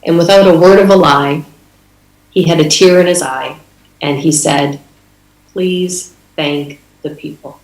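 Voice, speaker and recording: A woman's voice: deep voice, moderate pace, pauses often, darkish tone, reverberant, poor audio. A middle-aged woman from Canada telling a story in an earnest conference speech, with fillers and restarts. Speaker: conference speaker.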